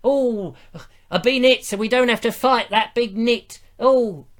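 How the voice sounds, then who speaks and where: A man's voice: very high-pitched, a little slow, pitched above the performer's own voice. A man putting on a whining, theatrical medieval king complaining about his hurt eye. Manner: whiny, theatrical.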